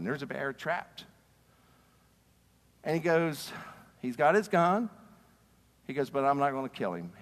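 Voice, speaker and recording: Middle-aged male pastor, sermon delivery, moves between loud emphatic preaching and hushed storytelling, slightly high voice, long church reverb. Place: church sanctuary.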